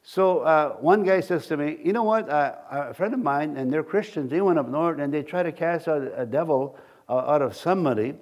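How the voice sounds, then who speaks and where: A middle-aged man preaches in a slightly higher register than most men. He rambles through homely stories and jokes, laughing at his own asides. He speaks to a congregation in a church. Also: moderate pace, darkish tone. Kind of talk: conversational sermon.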